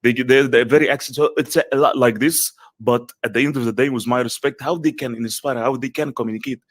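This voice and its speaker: A man speaking English with an Arabic accent, as a guest in an online interview. His delivery is earnest and emphatic, full of repeated phrases and restarts. The voice sits at a middle pitch and sounds dry and close. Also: fairly even intonation, fairly quick, no room sound.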